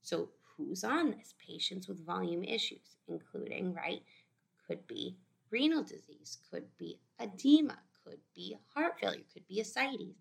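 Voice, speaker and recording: A woman tutors through practice exam questions in a relaxed, chatty way. Her voice carries a strong, steady gravelly fry at a middling pitch. She often acts out what her students or patients might say. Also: unhurried. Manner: conversational, quotes students and patients in little voices.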